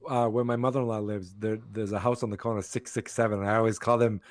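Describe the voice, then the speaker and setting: A man's voice: lowish voice, fairly even intonation, fast talker, dry recording. A middle-aged man, co-hosting a podcast and telling funny stories in casual chat. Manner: joking storyteller, acts out quotes. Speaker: podcast co-host.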